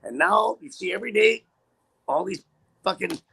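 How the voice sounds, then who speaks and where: A man's voice: sits high, normal speed, gravelly, sharp tone, slight background noise. A man who drives trucks, telling a story in a casual interview with a profane, rambling, heated manner.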